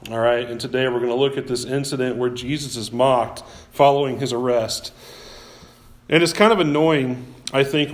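Guy leading a bible study, laid back and chatty, middle pitch, echoey room. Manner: relaxed, conversational with fillers. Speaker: Bible class teacher. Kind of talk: teaching a Bible class.

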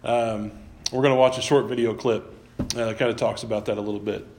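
A man teaching a Bible class in a relaxed, conversational way. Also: fairly low pitch, fast, slight background noise. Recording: echoey room.

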